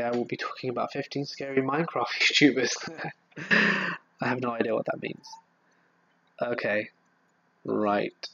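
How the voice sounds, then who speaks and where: A man's voice: mid-range voice, measured pace, pauses often, pushed and bright, breathy edge, muffled recording. Chatty man hosting a live stream. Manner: chatty, hesitant, with frequent fillers and restarts. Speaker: horror story narrator and channel host. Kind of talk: casual live stream chat.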